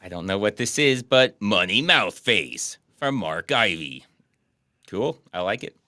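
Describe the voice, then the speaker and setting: Young guy hosting a movie chat, low-ish bright voice, dry sound. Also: sing-song, a little slow, dry recording. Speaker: podcast host. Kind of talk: casual chat reviewing a movie.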